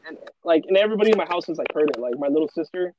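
A man talking casually, his voice sitting slightly high. He tells a long story and wanders through it with many fillers and restarts. Steady background noise runs under the recording. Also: very fast, dull audio. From Los Angeles. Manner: rambling, filler-heavy storytelling. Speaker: podcast host. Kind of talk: casual chat.

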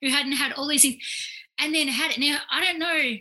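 A woman, a clinical psychologist, telling stories in a casual, animated way, full of fillers and quoted asides. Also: high voice, normal speed, rough recording. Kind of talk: casual storytelling in conversation.

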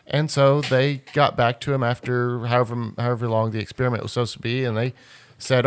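A man's voice: medium pitch, little pitch movement, fairly quick, clear, resonant tone, dry recording. Anecdote-telling co-host, a man with a mid-range voice who acts out quoted lines, dry close mic. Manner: storytelling, acts out quoted speech. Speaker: podcast co-host. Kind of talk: casual group chat.

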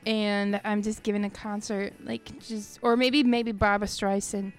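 A woman's voice: medium pitch, flat delivery, unhurried, faint music behind. A woman co-hosting a casual chat podcast, bubbly, giggly and playful. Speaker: podcast co-host.

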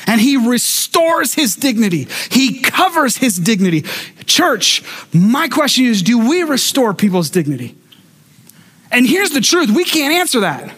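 High-pitched guy pastor preaching, animated storyteller, does little voices for the people he quotes, jokes with the church. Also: unhurried, husky. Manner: humorous asides to the congregation. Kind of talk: sermon.

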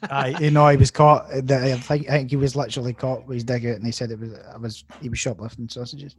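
A man, co-hosting a podcast, reading out tabloid headlines in a laid-back, deadpan way. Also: mid-range voice, fast, husky. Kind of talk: casual banter.

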